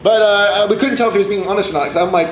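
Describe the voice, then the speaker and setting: A man's voice: high-pitched, racing. A young man telling a story at a convention podcast panel, acting out the people in it. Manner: animated, acts out the people in his story. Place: convention panel room with a live audience. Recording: echoey hall with audience noise.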